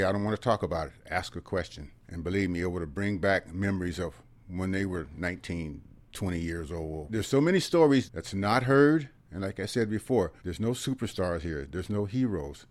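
A man in his seventies, a veteran telling personal stories in a rambling, conversational way, often trailing off softly. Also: lowish voice, dry recording. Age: 70s. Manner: conversational, rambling, tags phrases with "okay?" and drops softly at the ends. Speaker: veteran guest. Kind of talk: personal storytelling in an interview.

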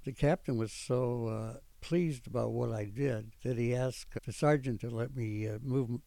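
An older man recalling his army days in an oral history interview, rambling and pausing often with fillers. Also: medium pitch, creaky, dark tone, no echo. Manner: rambling storytelling with frequent pauses and fillers. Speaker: veteran interviewee.

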